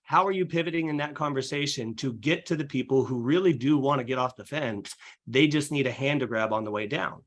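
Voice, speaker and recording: Young man explaining fast and filler-heavy. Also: medium pitch. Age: young adult. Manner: energetic, filler-heavy explaining with acted client quotes. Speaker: real estate agent, podcast guest. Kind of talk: casual podcast conversation.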